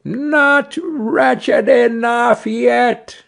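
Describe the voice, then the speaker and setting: Fierce little lady sparrow, a guy doing it, high and bossy, swoops up and down a lot. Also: sing-song, measured pace, creaky, exaggerated voice. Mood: vengeful. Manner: high, scolding and emphatic. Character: bold, vengeful little female sparrow.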